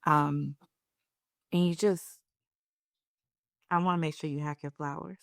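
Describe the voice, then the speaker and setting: Low gravelly woman host, heartfelt. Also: fairly even intonation, measured pace, no room sound, clean studio sound. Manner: emotional, encouraging, preacherly. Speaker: podcast host. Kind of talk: heartfelt podcast conversation.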